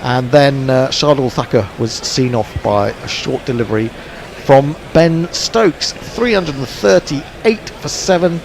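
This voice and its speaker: A man doing relaxed ball-by-ball cricket commentary on an internet radio stream, chatty and dry, with plenty of fillers. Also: medium pitch, a little slow, creaky, few pauses. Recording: faint background noise.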